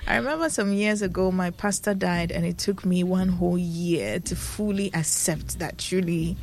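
A woman's voice: on the low side, moderate pace. A young woman with a Ghanaian accent, co-hosting a casual celebrity news chat and often repeating her phrases for emphasis. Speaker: co-host.

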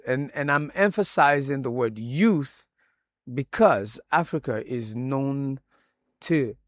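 Slow, emphatic male radio host. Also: medium pitch, slightly rough, no echo. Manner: measured, emphatic, addresses guests directly. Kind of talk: slow, deliberate radio talk show hosting. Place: radio studio.

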